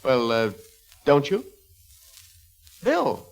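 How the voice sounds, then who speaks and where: A chatty fellow astronomer. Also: male voice, mid-range voice, huge pitch swings, gravelly, faint music behind, heavily acted. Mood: chatty, puzzled. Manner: brisk, chatty questions. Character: friendly, puzzled fellow astronomer colleague. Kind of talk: 1940s radio acting.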